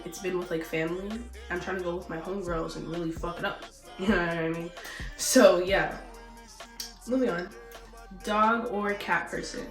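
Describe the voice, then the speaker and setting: A young woman telling stories in a casual vlog, animated and profane, acting out both sides of arguments and sounding a little sick. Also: fairly low pitch, recorded from a distance. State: sick, a bit out of breath. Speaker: vlogger. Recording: roomy echo, slightly off-mic, faint music.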